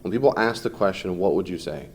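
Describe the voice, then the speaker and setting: A man's voice: low voice, quick pace, slight background noise. Man lecturing a class off the cuff. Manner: conversational, off the cuff, mimics people in quotes. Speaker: teacher.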